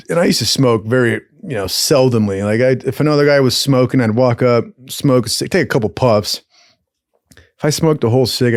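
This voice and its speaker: A man's voice: mid-range voice, no room sound. A young man with a mid-range voice spins casual war stories, swearing constantly and slipping into the voices of the people he describes. The sound is dry and close, with no room around it. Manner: profane, animated, acts out voices in his stories. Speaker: podcast host telling stories. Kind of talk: casual storytelling.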